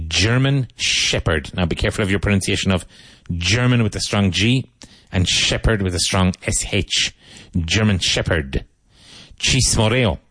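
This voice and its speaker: A man teaching English vocabulary, saying each word slowly, repeating it and spelling it out, with tips on pronunciation. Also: low-pitched, fairly bright tone, no echo. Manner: slow, deliberate, repeats and spells out words.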